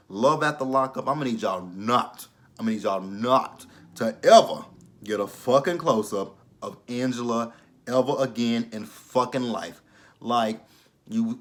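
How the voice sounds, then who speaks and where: A man, casually reviewing a reality show in a joking, profane, animated way. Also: mid-range voice.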